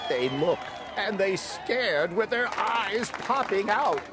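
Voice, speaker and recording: A man reading a rhyming children's story aloud in an animated, sing-song way, acting out the characters. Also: high voice, takes it slowly, a loud crowd, heavy background noise. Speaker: storybook reader.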